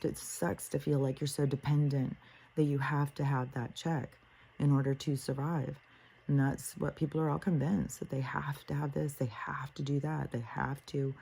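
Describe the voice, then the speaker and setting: Older woman's low, gravelly, husky rant. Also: normal speed, poor audio. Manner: profane, ranting storyteller; animated, quotes herself and others. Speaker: host. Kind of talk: casual spoken monologue.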